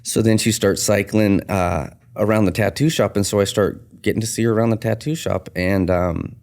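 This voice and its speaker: In a relaxed podcast interview, a tattoo artist and shop owner earnestly recounts a story, voicing the quoted dialogue with animation. He speaks on the low side at a moderate pace.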